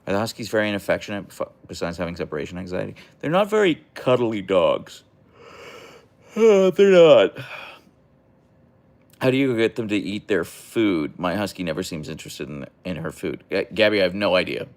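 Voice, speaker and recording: A man's voice: low voice, big pitch swings, moderate pace. A young man hosting a casual livestream, reading chat aloud and answering in a rambling, hesitant way with many fillers and restarts.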